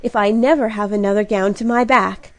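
A woman's voice: a little high, expressive, a little slow, a little mellow, no echo. A woman voicing an eager, impulsive young woman in an audiobook reading, speaking in a breathless, gushing and emphatic way. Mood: excited.

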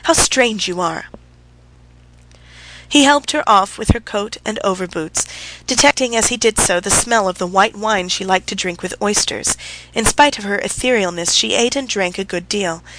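A woman reading a classic story aloud as an audiobook narrator, with a steady, even delivery. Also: medium pitch, normal speed, slight background noise, low-quality recording. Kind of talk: scripted narration.

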